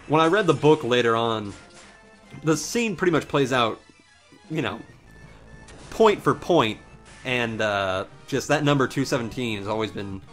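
A man's voice: medium pitch, a bit bright. A young man casually commentating a game while telling a long rambling story, swearing freely and reacting with sudden exclamations. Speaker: let's play commentator.

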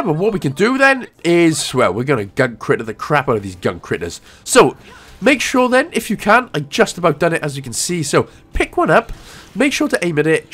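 A man's voice: on the high side, a bit bright. A young Welsh man giving casual, rambling gameplay walkthrough commentary with jokey asides. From Wales.

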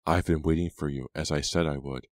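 A man's voice: extremely low pitch, fairly even intonation, fairly quick, dry recording. A man voicing a vengeful teenage girl who taunts coldly in an audiobook reading. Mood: sweet. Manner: taunting, cold.

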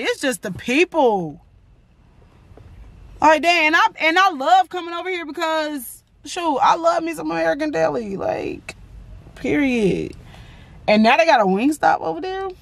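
High, animated, and gravelly, this woman speaks at normal speed in a casual selfie vlog, phone held at arm's length. She's a vlogger and lash technician who rambles chattily about her day and often sounds exasperated.

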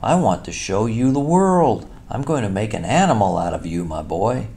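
A man voicing a boastful, excitable male toad in a storybook reading, with a grand, gushing manner. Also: fairly low pitch, normal speed, gravelly. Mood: pleading. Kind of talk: storybook character voice.

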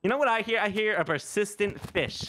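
A man's voice: sits high, animated, brisk, sharp tone, slight background noise. A man playing a co-op game with a friend, chatting casually and laughing often. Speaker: co-op gaming partner. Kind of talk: casual gameplay chat.

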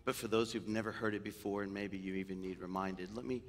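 A man, a senior pastor, preaching a sermon in a church, telling stories with humor and moving between loud animated bursts and hushed, tender moments. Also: fairly low pitch, fast. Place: church sanctuary. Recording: long hall reverb in a church.

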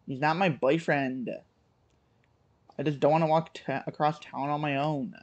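A man voicing a moody, exasperated teenage girl in a game reading, drawling her lines slowly. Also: a little high, steady tone, highs cut off, lightly acted. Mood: sulky. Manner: slow, sulky, exasperated.

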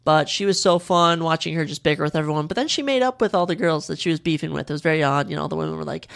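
A man's voice: a little high, fast, creaky, hardly any pauses, a bit bright, clean tone. A young man from Minnesota hosting a podcast, chatting casually and giving strong opinions, often repeating phrases for emphasis. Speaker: podcast host. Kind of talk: casual solo podcast chat.

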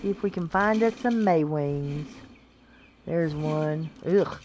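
A woman's voice: low-pitched, slow, a little mellow, slight background noise. A woman giving casual, chatty gameplay commentary, talking to the creatures on screen and laughing often. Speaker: gaming channel host.

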